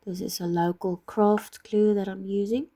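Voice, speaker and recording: A woman with a husky voice from being ill, patiently explaining each step of a craft project. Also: mid-range voice, fairly even intonation, moderate pace, warm tone. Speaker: craft tutorial maker.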